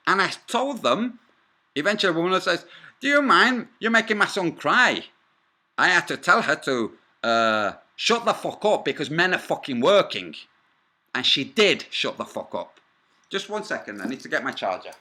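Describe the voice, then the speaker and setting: This man tells his story in a hard, pushed voice that rides a little high. He swings his pitch up and down a lot as he gets heated. He sounds combative and swears freely, breaking off into side remarks. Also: very animated, moderate pace, sharp tone. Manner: combative, profane, rambling asides. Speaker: vlogger. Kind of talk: angry first-person storytelling.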